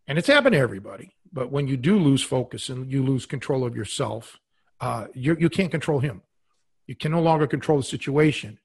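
A man's voice: medium pitch, gravelly, slightly rough. A man co-hosting a podcast, talking casually with many fillers and giving earnest advice. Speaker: podcast co-host.

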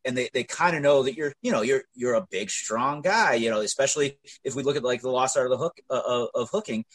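A man's voice: medium pitch, quick pace, fairly bright tone, husky, dry recording, poor audio. A man speaking as a guest on a podcast, casual and hesitant, stumbling over the first words of his sentences. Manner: hesitant, stammering restarts. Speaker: podcast guest and grappling coach.

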